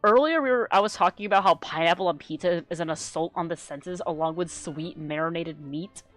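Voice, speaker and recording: A woman chatting casually on a live stream, rambling and excitable, swearing freely and getting loud when worked up. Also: lowish voice, fairly quick, faint music behind. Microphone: desk microphone she adjusts.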